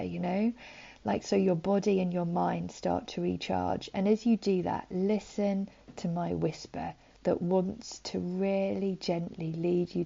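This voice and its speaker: Gravelly, mellow woman preaching. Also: lowish voice, level tone, measured pace. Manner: soft, conversational, many likes and ums. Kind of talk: gentle sermon. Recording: dull lo-fi recording.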